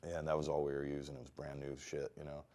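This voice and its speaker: A man's voice: extremely low pitch, fast talker. A middle-aged man, a tattoo artist, telling rambling, profane stories in a casual interview. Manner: profane, rambling, animated storytelling.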